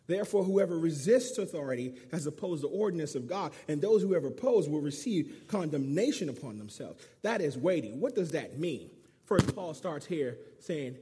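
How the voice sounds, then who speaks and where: A man's voice: fairly high pitch, dark tone, husky, long reverb tail. A male pastor preaching a sermon with emphatic rhetorical questions, leading the congregation in call-and-response. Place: church sanctuary.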